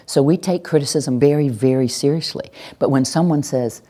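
A woman teaching about praising children, animated and playful, acting out parents' baby talk and scolding in her examples. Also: sits low, normal speed. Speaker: parenting educator. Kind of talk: lively talk to an audience.

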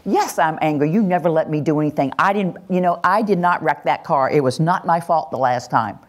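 A woman voicing an angry young child who piles up rapid complaints. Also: deep voice, lightly acted. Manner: rapid run-on complaints, rising and insistent.

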